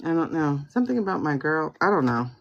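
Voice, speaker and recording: Speaking fast and very animated, a woman with a low, gravelly voice runs a tarot livestream from her phone. Her talk is slangy and relaxed, as if she's reasoning aloud, over dull, low-fidelity sound.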